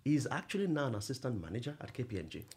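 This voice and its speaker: Animated man telling stories. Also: mid-range voice, rapid-fire, slightly rough. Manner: animated storytelling, laughs often. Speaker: guest, nonprofit executive director. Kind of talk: conversational podcast interview.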